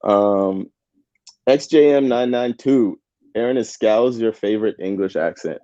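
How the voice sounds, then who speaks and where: Laid-back slangy man, mellow voice. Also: on the low side, unhurried, dry recording, muffled recording. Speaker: co-host of a match watchalong. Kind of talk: casual live-stream chat.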